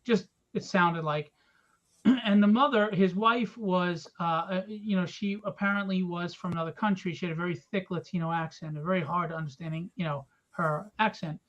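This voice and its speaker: A middle-aged man hosting a livestream, telling stories in casual chat, animated and profane, acting out the people in them. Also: high voice, moderate pace, highs cut off. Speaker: livestream host.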